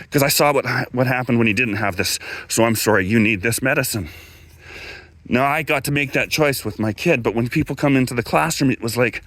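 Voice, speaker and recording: A middle-aged man from Canada talks casually at a medium pitch, wandering off on tangents and circling back. He leans on fillers and restarts, and his voice jumps up when he quotes someone. The recording is dry and close, with no room sound. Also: brisk, fairly bright tone, dry recording. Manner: rambling, digressive, many fillers and restarts; acts out quoted dialogue with raised pitch. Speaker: guest speaker, former electrical instructor. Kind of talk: casual storytelling talk.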